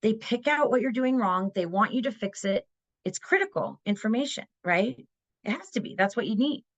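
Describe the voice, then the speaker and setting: A woman's voice: a little high, expressive, moderate pace, lo-fi sound. A middle-aged woman giving a parenting webinar, talking in an earnest, conversational way and often checking in with "right?". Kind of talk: webinar presentation.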